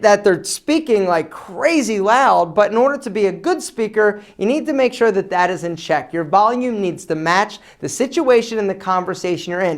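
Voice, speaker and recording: Lively, emphatic man hosting an advice vlog. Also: sits high. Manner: energetic, emphatic, demonstrative. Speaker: men's style channel host. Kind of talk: casual advice vlog to camera.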